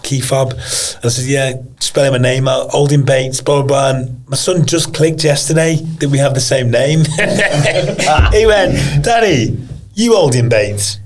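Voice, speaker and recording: A man with an ordinary middle-pitched voice, chatting as a podcast guest. He speaks bluntly and earnestly, with restarts and frequent swearing. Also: darkish tone. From England. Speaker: podcast guest, pro MMA fighter. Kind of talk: casual interview chat.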